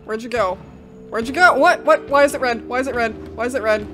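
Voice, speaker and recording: A woman's voice: a little high, brisk, a bit bright. A young woman commenting on a horror game as she plays, jittery and panicky, breaking into nervous laughter. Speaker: gaming video host. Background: game music.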